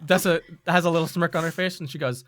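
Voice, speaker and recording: A game master narrating a tabletop game, loose and laughing between quick asides. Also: medium pitch.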